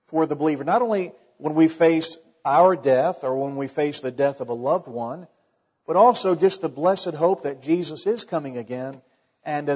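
Pastor guy preaching, kinda high voice, joking asides, muffled lo-fi sound. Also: a little mellow, slightly rough. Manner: conversational preaching with wry asides. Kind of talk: sermon. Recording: long hall reverb, dull lo-fi sound.

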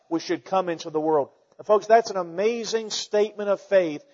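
The preacher's high, darkish voice moves at a moderate pace with few pauses as he reads verses and presses each point with fervent, repeated emphasis. Dull, lo-fi audio carries a long reverb from the large hall.

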